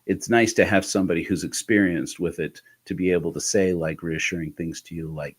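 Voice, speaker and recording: A man telling a reflective personal story in a candid, halting way, with restarts and soft laughs. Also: low voice, fairly even intonation, breathy edge. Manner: candid, intimate. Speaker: host of a personal podcast talk.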